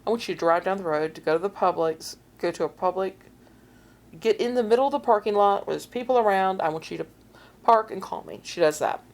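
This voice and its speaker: A middle-aged woman co-hosting a podcast, casually telling a story and acting out quoted voices with big swings in pitch. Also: fairly quick. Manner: animated, acts out quotes with big pitch jumps. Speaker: podcast co-host.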